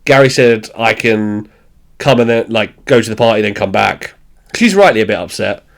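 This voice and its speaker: A man's voice: fairly low pitch, animated, normal speed, gravelly. A man co-hosting a podcast, recapping a sitcom in casual chat, blunt and sweary, acting out lines with laughter. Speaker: podcast co-host.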